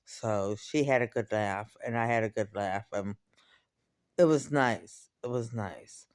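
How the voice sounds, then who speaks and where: A man talking in a personal video diary, rambling and confiding with lots of fillers and repeats, shifting between quiet and bubbly. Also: fairly low pitch, measured pace. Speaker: vlogger.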